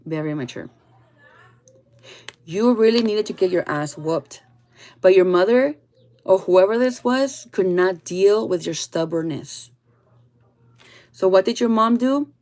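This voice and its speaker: A woman giving a casual spiritual reading to her viewers, blunt and full of swearing, often trailing off soft and low. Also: animated, a little slow. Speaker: tarot reader.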